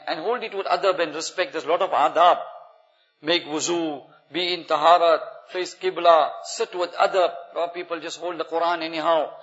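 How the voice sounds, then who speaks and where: Earnest preacher in an echoey hall. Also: male voice, fairly high pitch, a bit bright. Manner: earnest, instructive, mixing in Arabic phrases. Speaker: imam. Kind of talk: sermon. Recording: echoey hall, dull lo-fi sound.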